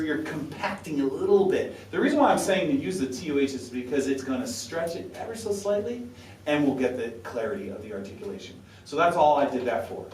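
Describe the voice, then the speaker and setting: A man's voice: on the high side, a little mellow, slight background noise. A man coaching a saxophone quartet, talkative and encouraging, sounding out syllables to demonstrate. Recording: roomy sound from a distance with faint ambience.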